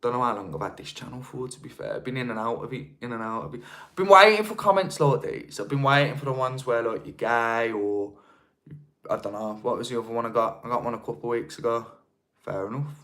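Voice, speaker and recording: A man's voice: medium pitch, animated, fast, sharp tone. A man with a Birmingham accent, chatting casually on a live stream and answering viewer comments. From England. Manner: chatty, rambling, with frequent restarts. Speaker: livestream host.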